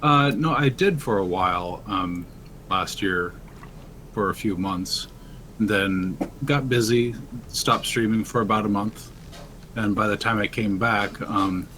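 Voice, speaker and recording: A man with a fairly low voice chatting as a guest on a game stream. He rambles easily, pausing with "um" and "uh" as he goes. A faint noise sits behind him. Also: bright, forceful tone. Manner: laid-back, rambling, many "um"s and "uh"s. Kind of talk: casual voice-chat conversation.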